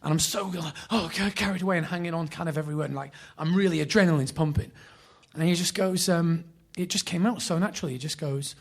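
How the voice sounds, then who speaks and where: A man in his thirties with a Greater Manchester accent, telling lively, sweary anecdotes as a podcast guest. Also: on the high side, quick pace, vocal fry, few pauses. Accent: Northern English (Greater Manchester). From Bury, England. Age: 30s. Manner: animated storyteller, swears freely, laughs often. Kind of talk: casual chat, anecdotes.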